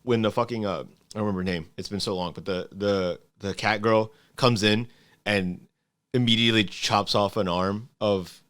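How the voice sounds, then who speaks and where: A man with a fairly low voice co-hosts a casual podcast chat. He swears freely, laughs easily and slips into the characters he quotes. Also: fairly even intonation, normal speed, fairly bright tone, clear, resonant tone. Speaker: podcast co-host.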